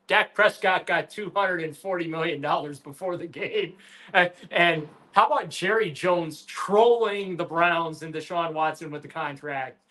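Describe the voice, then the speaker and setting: A man's voice: on the high side, pushed and bright. A man co-hosting a sports radio show, talking animatedly about a football game with emphatic asides and restarts. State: has the hiccups. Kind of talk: casual sports talk.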